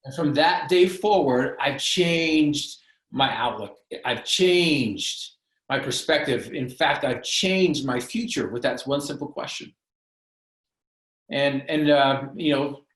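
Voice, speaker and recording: As a podcast guest, a man tells his own story in an earnest, emphatic, motivational way, using punchy alliterative phrasing. His medium-pitched voice is slow and fairly bright, with roomy echo on the recording.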